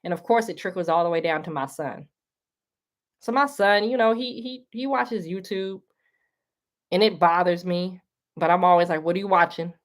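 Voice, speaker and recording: With a low-leaning voice, lively intonation and a moderate pace broken by long pauses, a livestream host speaks to "y'all" in a casual monologue. She's earnest and preachy, and emotional enough to tear up.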